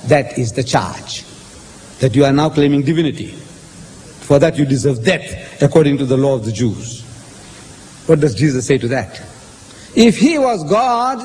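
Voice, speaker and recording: High-voiced man lecturing on scripture. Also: a little hiss or hum. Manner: animated, quotes verses in character, rhetorical questions. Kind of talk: lecture explaining Bible verses. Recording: hall reverb with faint ambience.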